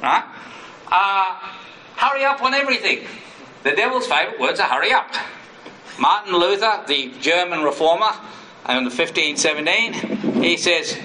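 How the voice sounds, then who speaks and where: A man preaching a sermon as pastor, earnest, who now and then acts out inner voices in sudden higher bursts. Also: expressive, moderate pace, pushed and bright, echoey room, recorded from a distance, slight background noise, low-quality recording.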